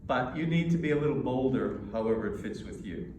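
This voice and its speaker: A man's voice: mid-range voice, expressive, a little mellow, distant mic, slight background noise. Emphatic American man lecturing in an echoey hall. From United States. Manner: emphatic, with pauses and demonstrations. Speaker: presentation coach. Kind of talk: lecture to a live audience. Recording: echoey hall recorded from afar.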